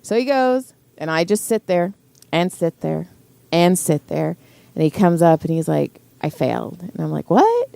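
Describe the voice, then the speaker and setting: A middle-aged woman co-hosting a podcast tells a story in casual chat, speaking at a moderate pace in a low, creaky, dark-toned voice. She acts out quotes and swears freely, and the recording is dry.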